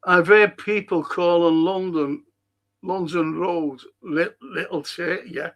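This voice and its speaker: A man's voice: high voice, takes it slowly, fairly bright tone. A man with a Liverpool accent hosting a fan stream, rambling through viewer comments, swearing freely and laughing at his own stories. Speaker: host of a fan live stream. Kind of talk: casual chat reading viewer comments.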